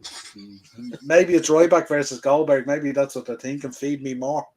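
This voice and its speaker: A man hosting a casual wrestling podcast, chatty and quick to laugh, trailing off with fillers. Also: medium pitch, steady tone, darkish tone. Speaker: podcast host.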